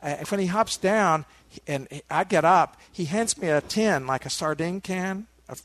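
A man giving a meditation dharma talk, a relaxed storyteller who adds asides to his listeners. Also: high voice, unhurried, dry recording. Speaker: meditation teacher.

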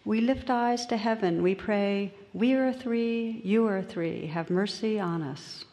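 A woman's voice: mid-range voice, slow, mellow, in a large hall. A woman voicing three humble island fishermen who speak earnest, broken English. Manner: broken simple English, eager.

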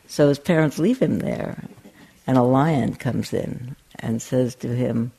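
A woman giving a dharma talk as a meditation teacher, speaking gently and conversationally, with frequent restarts and a playful storytelling streak. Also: a bass voice, slow, creaky, breathy edge.

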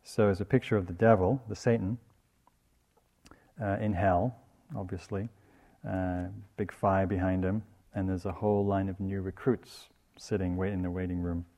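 A man giving a dharma talk as a meditation teacher, in a gentle and reflective teaching tone. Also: deep voice, little pitch movement, moderate pace. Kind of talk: dharma talk on loving-kindness.

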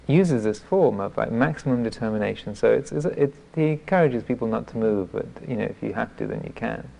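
Gravelly-voiced monk giving a dharma talk. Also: male voice, mid-range voice, dark tone. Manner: self-deprecating storytelling; halting, with frequent restarts. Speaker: Buddhist monk teacher.

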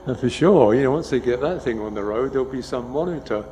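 A man's voice: medium pitch, low-quality recording. Wry man giving a meditation talk. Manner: wry, laughs often, mimics hurried speech and beeps; loose and conversational, with restarts and "yeah?" checks. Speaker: meditation teacher. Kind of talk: dharma talk on a retreat.

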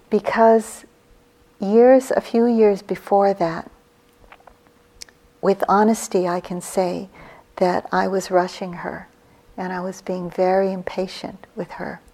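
A woman in her sixties, a meditation teacher giving a gentle, reflective dharma talk on retreat, her phrases trailing off softly. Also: mid-range voice. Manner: slow, gentle, reflective storytelling with soft breathy trailing phrases.

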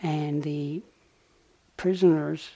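A man giving a dharma talk as a meditation teacher, telling a story gently and unhurriedly, with pauses and small fillers. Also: a little high, fairly even intonation, vocal fry. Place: retreat center meditation hall.

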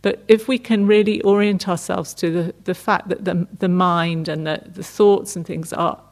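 A middle-aged woman gives a meditation talk in a gentle, unhurried way. Her voice sits a little low for a woman, and she often pauses and restarts mid-phrase. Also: fairly even intonation. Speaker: meditation teacher. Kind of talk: dharma talk.

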